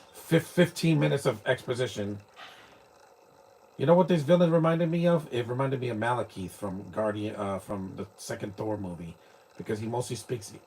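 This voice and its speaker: Husky opinionated man. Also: mid-range voice, a little mellow. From New York, United States. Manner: rambling, opinionated, frequent restarts. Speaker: live movie commentator. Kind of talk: casual live watch-along commentary.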